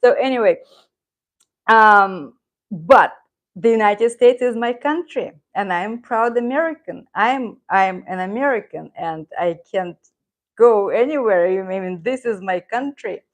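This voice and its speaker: Speaking at a measured pace in a mid-range voice, this Russian teacher and channel host chats loosely during a live stream. She's middle-aged with a native Russian accent, drifting between topics, reading out comments and laughing a lot.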